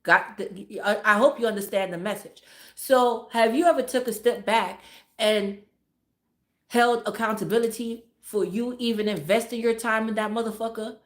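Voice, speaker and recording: A woman's voice: fairly high pitch, normal speed, roomy sound. Blunt, profane woman livestreamer. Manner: blunt, heavily profane, emphatic and preachy; repeats words for emphasis. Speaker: livestream host talking to viewers. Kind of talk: casual livestream advice talk.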